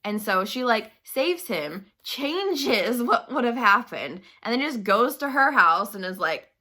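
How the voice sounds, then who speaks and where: Young woman, vlogger, casual ranting book review; slightly high, bright tone, filler-heavy and profane. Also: big pitch swings, unhurried. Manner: chatty, swears freely, heavy use of "like". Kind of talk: casual vlog rant.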